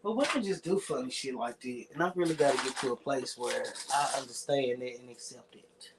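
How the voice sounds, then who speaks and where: A man's voice: medium pitch, a little fast, background noise. Rambling profane man with a Southern accent. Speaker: streamer. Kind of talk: casual monologue.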